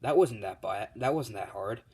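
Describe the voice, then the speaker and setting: A man's voice: fairly low pitch, animated, moderate pace, vocal fry, darkish tone, husky, full character voice. A man voicing a curious, cheerful young male dragon in human form, told as a spoken fan story.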